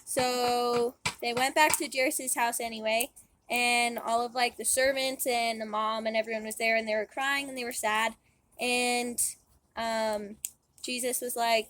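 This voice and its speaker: A young woman hosts a faith discussion, retelling scripture in an easygoing, slangy way. Her voice sits a little high, and she fills her sentences with casual asides. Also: level tone, unhurried, fairly bright tone. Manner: chatty, slangy, many "like"s. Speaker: channel host. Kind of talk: casual retelling of a Bible story.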